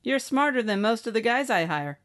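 A woman's voice: fairly high pitch, lively intonation, a little fast, fairly bright tone. A woman voicing a brash, snappish spacefaring bosun. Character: tough, blunt young woman ship's bosun. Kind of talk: audiobook character acting.

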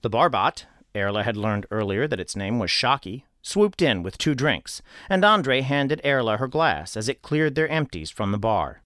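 A man narrating an audiobook in an expressive storytelling manner. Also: medium pitch, normal speed, few pauses, no echo, clean studio sound.

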